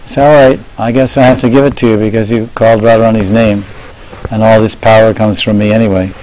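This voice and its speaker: A man's voice: on the low side, little pitch movement, fast, darkish tone, a little hiss or hum, close to an everyday voice, poor audio. A man voicing an indulgent divine figure who casually and amusedly grants mercy, in a slightly raised voice.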